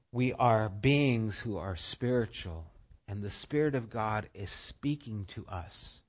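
A man preaching a sermon and telling personal stories, his voice swinging from loud and punchy to quiet and intimate. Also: fairly low pitch, slow pace, dull audio. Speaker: pastor.

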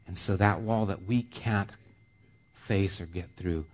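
A middle-aged pastor preaching a sermon, moving between quiet, slow passages and raised, emphatic ones, with casual fillers in his stories. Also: sits low. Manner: storytelling asides with casual fillers. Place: church sanctuary.

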